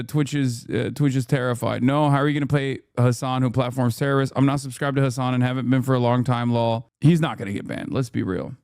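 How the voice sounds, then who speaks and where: A man's voice: medium pitch, darkish tone, smooth, no room sound, clean studio sound. A man reacting to clips on a stream, ranting in a profane, sarcastic way. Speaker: political streamer.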